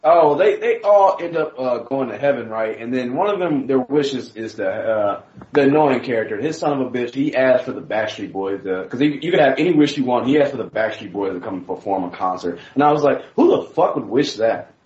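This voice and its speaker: A man's voice: medium pitch, a little fast, echoey room, lo-fi sound. A man co-hosting a podcast, trading crude jokes and laughing a lot. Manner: laughing, profane, animated. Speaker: podcast co-host. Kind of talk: casual crude banter.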